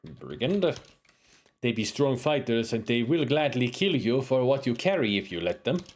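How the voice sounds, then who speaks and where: A man's voice: mid-range voice, expressive, moderate pace, close to an everyday voice. A man voicing a proud spear-fighting warrior woman in broken English with a wandering put-on accent. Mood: warning. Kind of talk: reading game dialogue aloud in character.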